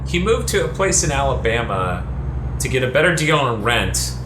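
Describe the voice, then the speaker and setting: A man chatting casually during a let's play, telling a story with lively, jumping delivery. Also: moderate pace. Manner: animated storyteller, voice jumps high when retelling arguments. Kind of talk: casual group chat over gameplay. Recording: echoey room with faint noise.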